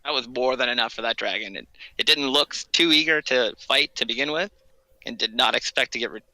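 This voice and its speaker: A man running a tabletop game as game master, talking in a loose, rambling way full of fillers. His voice is very bright and forward, with a dry, close sound and no room around it. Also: medium pitch, brisk, no room sound, rough recording. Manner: casual, rambling, lots of fillers.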